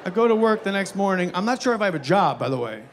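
Animated, profane stand-up comedian, a man. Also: high-pitched, fast, a little hiss or hum. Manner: animated, profane, self-mocking. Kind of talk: stand-up storytelling. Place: stage before a live audience. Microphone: wearing a microphone. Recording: live stand-up with faint crowd.

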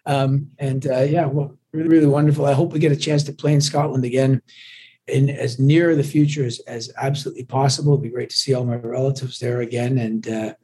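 A man's voice: mid-range voice, level tone, a little fast, warm tone, husky. A man chatting as a guest in a friendly interview over the phone, often restarting his sentences. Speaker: musician guest. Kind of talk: casual phone interview chat. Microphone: phone call.

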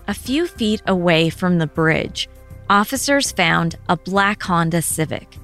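A woman narrating a true crime news segment in a measured, grave, scripted way. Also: fairly low pitch, expressive, a bit bright, faint music behind.

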